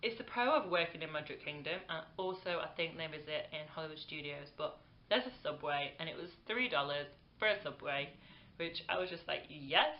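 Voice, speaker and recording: A woman's voice: deep voice, animated, fairly quick, few pauses, a little hiss or hum. Chatty young British woman, lo-fi. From Britain. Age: 20s. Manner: chatty, rambling, full of "um" and "like", laughs easily. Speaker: vlogger. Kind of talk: casual chat to camera.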